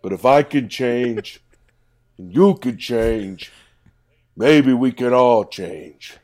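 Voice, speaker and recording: A man doing a loud, earnest, drawling impression of a gruff action hero giving a speech. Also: mid-range voice, expressive, slow pace, voice pushed up.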